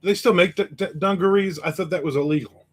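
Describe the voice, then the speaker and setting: A man chats on a casual livestream, picking up viewer comments and firing back quick jokes. His voice sits a bit above the usual male range, relaxed and conversational. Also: sits high. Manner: joking, quick asides. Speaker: host.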